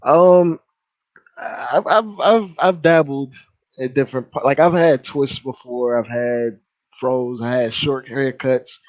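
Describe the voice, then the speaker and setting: A man's voice: mid-range voice, slow pace, no echo, lo-fi sound. A man joining a casual podcast chat as a guest, easygoing, with small stammers. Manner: easygoing, stammers a little, laughs often.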